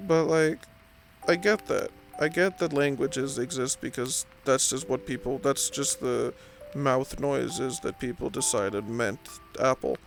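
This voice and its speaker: A man's voice: a little high, vocal fry. A young man from California with a Californian accent, rambling in meandering late-night pillow talk and filling it with "like" and "um". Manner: meandering, self-deprecating, lots of "like" and "um". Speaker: host.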